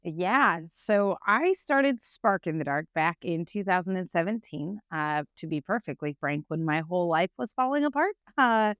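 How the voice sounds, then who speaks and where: Woman, interview guest, candid storytelling, lower voice, smooth and clear, dry close sound. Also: moderate pace, few pauses, no echo. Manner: frank, animated, tags points with "right?". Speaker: nonprofit founder, guest.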